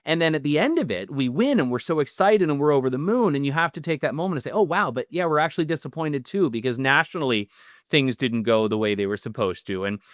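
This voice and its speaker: A man's voice: medium pitch, expressive, quick pace, no room sound, studio quality. A middle-aged Canadian man, a newly elected politician, answering interview questions earnestly with frequent restarts. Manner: earnest, with many restarts and fillers.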